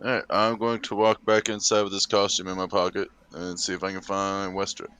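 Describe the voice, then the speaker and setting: A man playing a tabletop game, excitable and laughing, swearing freely in casual chat. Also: sits low, brisk, clear, resonant tone. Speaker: player.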